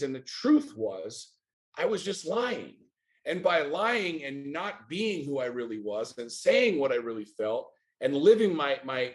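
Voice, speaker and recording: A middle-aged man from the United States talks as a podcast guest in a mid-pitched voice. He is blunt and profane, hammering his points home with rapid rhetorical questions. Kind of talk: candid interview talk.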